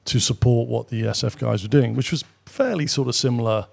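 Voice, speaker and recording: A middle-aged British man, a guest on an interview show, telling anecdotes casually with quick asides and the odd swear. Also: medium pitch, creaky, darkish tone. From Britain. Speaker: guest, former military pilot. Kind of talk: casual storytelling.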